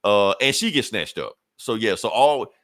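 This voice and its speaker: Animated man recapping comics, lively pitch. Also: moderate pace, dry recording, clean studio sound. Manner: animated storyteller acting out quoted lines, profane. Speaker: podcast co-host. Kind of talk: casual comic book recap chat.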